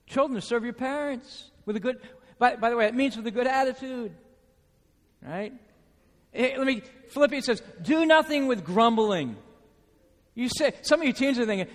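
A man's voice: extremely high pitch, a little fast. A man preaching a sermon to his congregation, emphatic, repeating key phrases and asking the room questions. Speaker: pastor. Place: church sanctuary. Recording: reverberant church hall.

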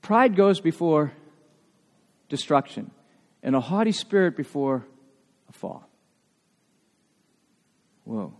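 A male pastor preaching a sermon in a church, animated and emphatic, with frequent asides to the congregation. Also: fairly high pitch, takes it slowly, pauses often. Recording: long reverb of a large hall.

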